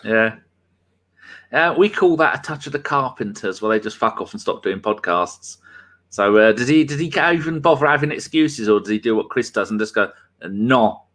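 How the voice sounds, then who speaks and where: A man's voice: mid-range voice, lively intonation, normal speed, a bit bright. A man hosting a podcast in casual chat, full of rambling banter. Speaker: podcast host.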